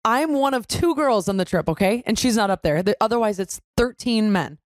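A young woman co-hosting a podcast, chatting casually and acting out quoted lines in a higher voice as she tells stories. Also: fairly quick, no echo, studio quality. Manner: animated storyteller, acts out quotes in a higher voice. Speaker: podcast co-host. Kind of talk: casual chat.

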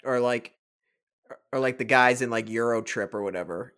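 A man with a middle-pitched voice talking casually on a podcast. He is earnest and a little halting as he gathers his thoughts. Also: a bit bright, smooth. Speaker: podcast co-host. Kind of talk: casual chat.

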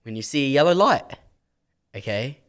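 A man's voice: medium pitch, normal speed, smooth. A man co-hosting a casual podcast, telling a story and acting out the voices in it. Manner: animated storyteller, acts out quotes loudly. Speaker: podcast co-host.

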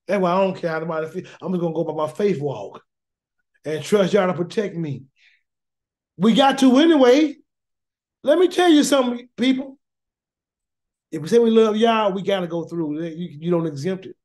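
A man leads a weekly Torah study in a loose, preaching way, his voice sitting high for a man. He talks in plain colloquial speech, says "y'all" and "gonna," repeats himself as he builds a point, and keeps asking his listeners questions he then answers himself. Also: animated, normal speed, pauses often, darkish tone. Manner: preachy, emphatic, repeats words and asks rhetorical questions. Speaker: Bible teacher. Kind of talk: informal Torah study sermon.

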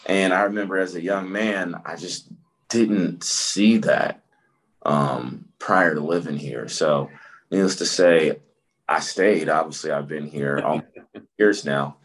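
Low-voiced guy in his 30s from the midwest, easygoing interview chat, lots of ums. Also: takes it slowly. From Midwest, Michigan. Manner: relaxed storytelling with frequent fillers and laughs. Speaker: county commissioner, guest. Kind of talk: conversational interview.

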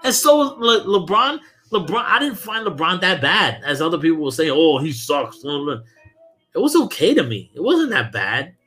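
A young man from Brooklyn hosts a podcast in a loose, swearing, animated chat. His voice is bright and forceful, and he laughs often. Faint music plays behind him. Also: sits high, normal speed. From Brooklyn, New York. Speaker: podcast host. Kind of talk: casual chat.

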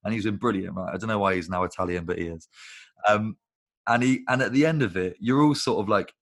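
A man's voice: on the low side, fast talker, a bit bright. A man, a guest on a video call interview, talking casually in long rambling stories and swearing freely. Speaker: guest, recruitment business founder.

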